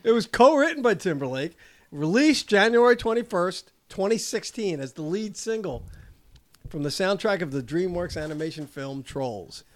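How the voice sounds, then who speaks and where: Casting: upbeat male host, high voice, bouncy pitch, casual chat. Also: lively intonation, moderate pace. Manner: upbeat, leads the segments. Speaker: podcast host.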